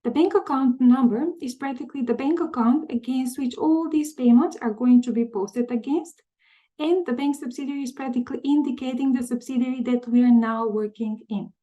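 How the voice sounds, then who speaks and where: A woman presenting a software walkthrough in a webinar, methodical, often pausing with "um" and repeating words. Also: high-pitched, rough recording. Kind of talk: webinar screen-share walkthrough.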